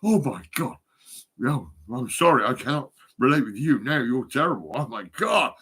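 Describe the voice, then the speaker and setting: A man's voice: mid-range voice, lively intonation, normal speed, a bit bright, husky. A man mocking a shocked posh Brit. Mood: scandalised. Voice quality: exaggerated gasping pearl-clutching. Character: shocked posh English person, prissy and scandalised. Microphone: phone.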